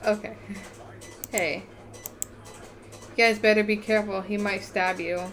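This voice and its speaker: A group of taunting schoolboy bullies in a story game, read by a woman in close to her normal voice throw out mocking, jeering lines. The pitch stays at a middle level, with faint hiss under it. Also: steady tone, unhurried, a bit bright, close to an everyday voice.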